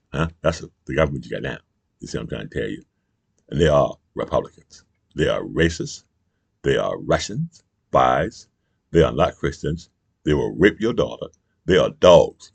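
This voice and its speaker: A man with a very deep, gravelly and husky voice, ranting heatedly in a profane political commentary. The sound is dry and close, and he keeps throwing in "you know" as he drives each point home. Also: no echo. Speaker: channel host. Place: Michigan.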